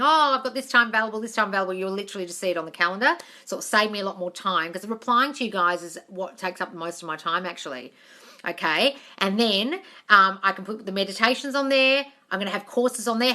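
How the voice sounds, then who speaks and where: A woman hosting a casual live-stream Q&A on manifesting, reading out viewer comments and answering them warmly, calling people darling. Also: mid-range voice. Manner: repetitive, affectionate, calls viewers darling.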